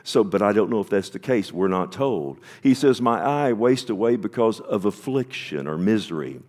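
Preacher guy, kinda low voice, reads a verse then chats about it with the folks. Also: animated, normal speed, darkish tone. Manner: reads scripture aloud and stops to comment, asks the congregation questions. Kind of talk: sermon.

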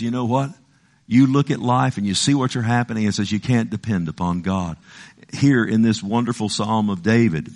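A man preaching a folksy sermon, rising to emphatic peaks and dropping to hushed low phrases, with asides to the congregation. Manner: emphatic, swings between loud rises and hushed low phrases.

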